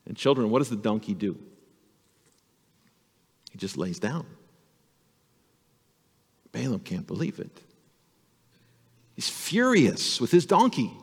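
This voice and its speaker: Animated pastor, expressive man. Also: mid-range voice, slow, long pauses, slightly rough, long reverb tail. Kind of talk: sermon to children.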